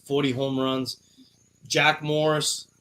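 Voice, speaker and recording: Talk like a man hosting a casual podcast: loose, profane, bright and a bit high-pitched. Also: little pitch movement, slow. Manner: loose, profane banter with many fillers. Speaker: podcast host.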